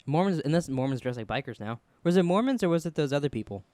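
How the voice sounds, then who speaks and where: A man's voice: a little high, animated, fast, darkish tone, dry recording. Rambling young man telling stories. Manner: rambling storyteller, acts out quotes, swears often. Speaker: podcast co-host. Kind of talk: casual chat.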